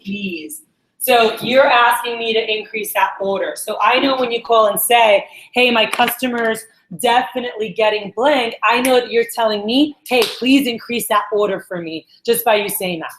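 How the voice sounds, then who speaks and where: A woman sales trainer telling stories to a group, acting out quotes in an animated way. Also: a little high, a little hiss or hum. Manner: animated storyteller, acts out quotes. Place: meeting room with a group. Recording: echoey meeting room.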